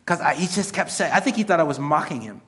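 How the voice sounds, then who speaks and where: A man's voice: on the high side, lively intonation, fast talker, fairly bright tone. A middle-aged man preaching a conversational sermon as a pastor, mixing self-mocking humor with earnest exhortation. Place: church sanctuary.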